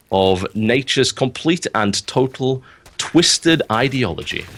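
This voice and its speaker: A man putting on a reverent wildlife documentary narrator, speaking slowly and lingering on words. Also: lowish voice, fairly bright tone, full character voice. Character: hushed nature documentary narrator, male, reverent.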